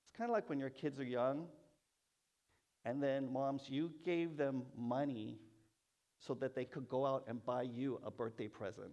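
Slow gravelly-voiced male pastor preaching. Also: mid-range voice, steady tone, darkish tone, lo-fi sound. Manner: slow, prayerful, repetitive emphasis. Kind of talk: sermon.

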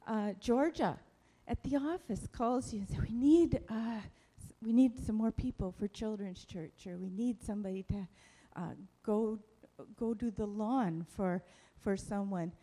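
A woman giving a lively, playful church talk, animated and quick to poke fun at herself. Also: medium pitch. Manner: playful, self-mocking, animated. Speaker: church speaker.

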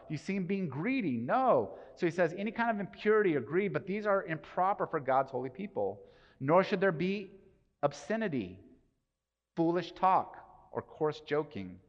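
A man's voice: on the high side, big pitch swings, normal speed. A man preaching a sermon in a casual, conversational way, asking the congregation rhetorical questions. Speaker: pastor. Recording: dull sound with long hall reverb.

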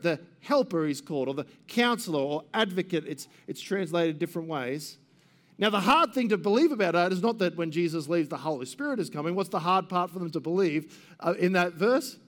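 A man's voice: high voice, fairly bright tone. A man preaching a sermon as pastor, earnestly asking his congregation questions and repeating words as he thinks aloud.

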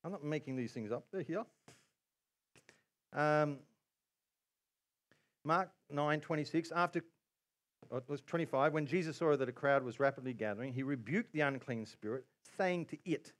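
A man preaching a sermon as pastor, telling a story with quoted asides and bursts of excitement. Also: on the high side, normal speed, long pauses.

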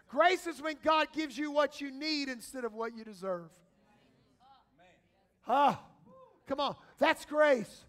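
A pastor delivers a sermon in a very high-pitched male voice, shifting from quiet, slow passages to shouted calls aimed at the congregation.

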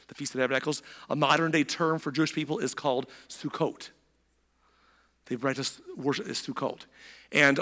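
Hoarse man preaching in a reverberant hall. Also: a little high. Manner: conversational preaching with expressive voiced quotes. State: hoarse from recent illness. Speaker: pastor. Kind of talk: sermon.

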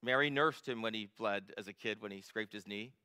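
A male pastor preaching a sermon, moving from quiet, reflective storytelling to emphatic, rising passages. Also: lowish voice, fairly quick, clean tone. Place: church.

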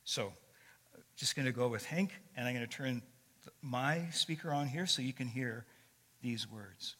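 A man's voice: mid-range voice, a little slow, bright, forceful tone. An older man giving a sermon as a guest speaker. He tells stories in a conversational way with frequent fillers and restarts. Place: church sanctuary. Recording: long echo of a large hall.

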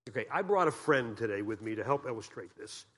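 A man's voice: mid-range voice, lively intonation, a little fast, fairly bright tone, slightly rough. Male guest pastor, from Massachusetts, sermon, folksy, joking, quizzes the congregation. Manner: folksy and joking, with homespun stories; asks the congregation questions.

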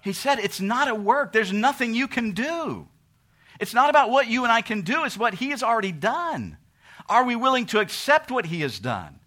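A man preaching a sermon, asking rhetorical questions and swinging between loud emphasis and quiet asides. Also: very high-pitched, sing-song, normal speed. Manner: asks rhetorical questions and acts out what people say to God.

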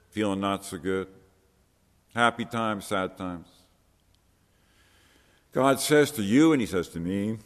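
A man with a very deep voice preaches a sermon in an earnest, conversational manner, putting rhetorical questions to his listeners. His words ring out with a long reverb, as in a large hall. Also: animated, unhurried, long pauses.

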